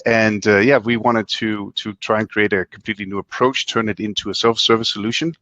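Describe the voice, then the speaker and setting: A man's voice: on the low side, fairly even intonation, fairly quick, a bit bright, no room sound. A man from Denmark speaking as a guest in a casual video-call chat, hesitant with dry humor. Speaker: guest, company co-founder.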